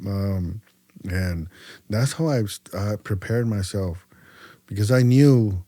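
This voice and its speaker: A man's voice: lowish voice, takes it slowly, no room sound. A man from California's Central Valley, a podcast guest telling his story in a casual, slangy way, acting out the dialogue with plenty of fillers. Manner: animated storyteller who acts out dialogue, slangy, many fillers.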